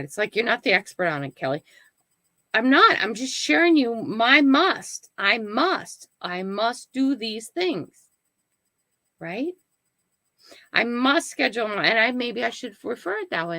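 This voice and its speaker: A woman's voice: fairly high pitch, sing-song, normal speed, bright, forceful tone, no echo, poor audio. An older woman hosting her own live stream, chatting casually to viewers and often checking in with "right?" and "okay?". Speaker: channel host.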